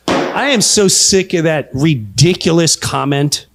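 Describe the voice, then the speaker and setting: High, animated man ranting on stage. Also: a little slow, slight background noise. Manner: animated ranting, jumps into loud shouted voices. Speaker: stand-up comedian. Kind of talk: live stand-up comedy. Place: live comedy stage.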